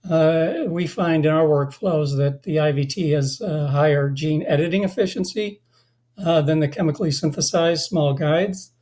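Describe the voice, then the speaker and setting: Webinar presenter, mellow tone, a bit hoarse, halting delivery full of fillers. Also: medium pitch. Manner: halting, many filler sounds and restarts. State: slightly hoarse, losing voice. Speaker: company presenter.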